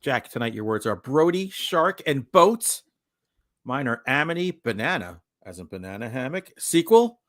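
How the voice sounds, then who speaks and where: A man co-hosting a horror podcast, goofy and animated, reading out rules and laughing at his own jokes. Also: medium pitch, normal speed, no room sound, clean studio sound. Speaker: podcast co-host. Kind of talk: casual comedy podcast chat.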